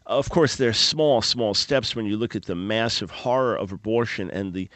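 A man's voice: fairly low pitch, normal speed, fairly bright tone, no room sound. A man hosting a radio talk show, preaching earnestly and pleading with listeners, with small stumbles and repeated words. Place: radio studio. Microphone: studio microphone.

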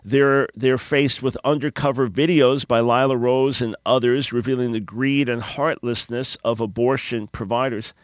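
A man's voice: medium pitch, steady tone, moderate pace, hardly any pauses, no echo, lo-fi sound. A man hosting a radio talk show, preaching earnestly and pleading with listeners, with small stumbles and repeated words. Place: radio studio. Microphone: studio microphone.

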